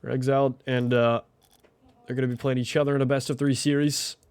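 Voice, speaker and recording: A man's voice: medium pitch, level tone, a little fast, a little mellow, clean tone, no room sound. A man hosting a game tournament stream, chatting casually and thinking aloud with lots of fillers. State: out of breath. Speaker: tournament host. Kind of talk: casual livestream commentary.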